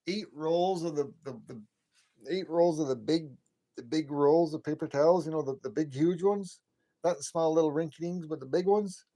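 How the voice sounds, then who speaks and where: A man's voice: medium pitch, a little mellow. A man in his late fifties hosting a late-night livestream, ranting and rambling with many repeats and restarts. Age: 50s. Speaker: livestream host.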